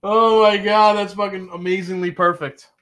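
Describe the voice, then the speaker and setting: Man hosting a whiskey livestream, bright forceful voice, slightly high, joking and profane. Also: steady tone, normal speed. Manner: jokey and profane, reading chat comments aloud. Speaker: show host. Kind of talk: live-stream whiskey tasting chat.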